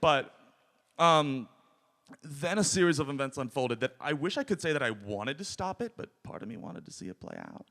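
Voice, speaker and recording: A man's voice: medium pitch, big pitch swings, normal speed, fairly bright tone. A man performing stand-up in a small live venue, telling a story and acting out his own panicked reactions. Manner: storytelling with acted-out panicked quotes. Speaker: stand-up comedian. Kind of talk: stand-up comedy set.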